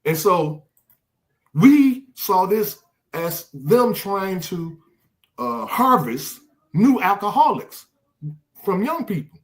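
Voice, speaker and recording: Animated older man hosting a podcast. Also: high-pitched, takes it slowly, pauses often. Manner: animated, repeats words when searching for a thought. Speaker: podcast host. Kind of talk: casual podcast discussion.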